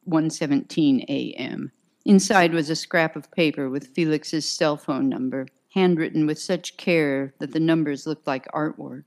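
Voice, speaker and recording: A woman with a low voice narrates a first-person crime story. Her reading is crisp and dry, with a sardonic edge in the dialogue. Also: fairly even intonation, a little slow, a little mellow. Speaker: audiobook narrator.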